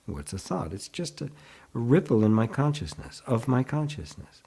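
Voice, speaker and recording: A man with a husky, slightly breathy voice at an ordinary pitch for a man leads a live online satsang. He speaks gently and unhurriedly, often breaking into soft laughter between thoughts. Now and then he stops to read out and answer comments from viewers. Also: very animated, normal speed. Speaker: spiritual teacher.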